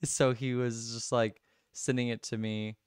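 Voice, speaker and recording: A man's voice: medium pitch, flat delivery, a little slow, smooth, no echo, studio quality. A young man livestreaming a music quiz, chatting casually, laughing often and answering viewers by name. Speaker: livestreamer and singer.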